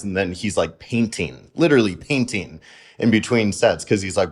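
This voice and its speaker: A man's voice: sits low, animated, normal speed. A man hosting a podcast, chatting casually in a laid-back way, full of "like" and "you know.". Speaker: podcast host. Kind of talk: casual interview chat.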